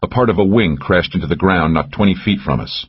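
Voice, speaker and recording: A man's voice: low-pitched, expressive, brisk, breathy edge, dull audio. A man narrating a first-person thriller audiobook, tense and driving in action scenes.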